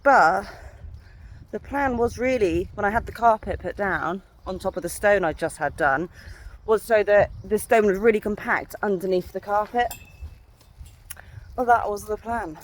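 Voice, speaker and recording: A woman's voice: mid-range voice, unhurried, a little hiss or hum. A woman in her thirties, a horse owner, chatting bluntly and swearing freely in a casual ranting vlog from an outdoor yard.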